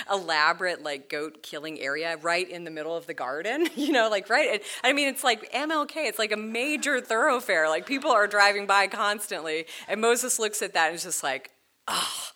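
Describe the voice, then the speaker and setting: Low-voiced woman, bright punchy tone, chatty storytelling, laughs a lot, does little voices for people. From United States. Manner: animated, laughing, acts out quoted voices. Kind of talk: casual storytelling conversation.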